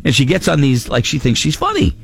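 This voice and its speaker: A man's voice: mid-range voice, wildly swooping pitch, a little fast, creaky. A middle-aged man hosting a radio show, telling a story with lots of laughter and acting out his wife's lines. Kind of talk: morning radio banter.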